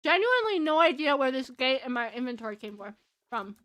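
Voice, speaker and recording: A woman's voice: high voice, very animated, brisk, a bit bright. A young woman streaming a farming game, chatting casually with her viewers, giggling often and talking while she eats. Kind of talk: casual chat while playing. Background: faint game music.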